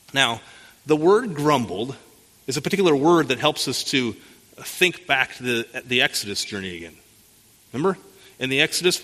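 A man delivers a verse-by-verse sermon in a bright, forward voice. He poses rhetorical questions and often repeats words as he restarts. His voice carries a long reverb, as if recorded in a large sanctuary. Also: mid-range voice. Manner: expository preaching with rhetorical questions. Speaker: pastor.

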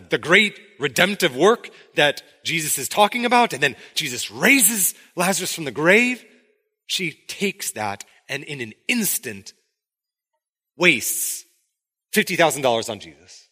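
Speaking a little slowly in a fairly high voice, this pastor delivers his sermon in a conversational tone. Lively and animated, he performs the story's quotes along the way.

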